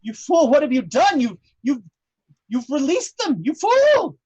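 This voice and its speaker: A man voicing an evil masked cult priest who shouts in fury. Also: very high-pitched, huge pitch swings, unhurried, no room sound, muffled recording, pitched above the performer's own voice, heavily acted. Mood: enraged.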